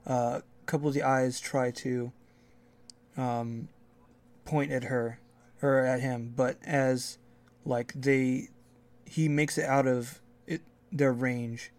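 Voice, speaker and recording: A man's voice: medium pitch, steady tone, slow, darkish tone. A man narrating a tabletop game as game master, describing the action in a rambling, loose way. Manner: rambling, many fillers and restarts.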